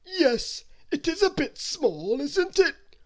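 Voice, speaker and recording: A man voicing a greedy, gleeful round storybook character who drags out his words slowly. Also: very high-pitched, sing-song, pitched above the performer's own voice, heavily acted. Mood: smug, greedy. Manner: slow, drawn-out, savouring words.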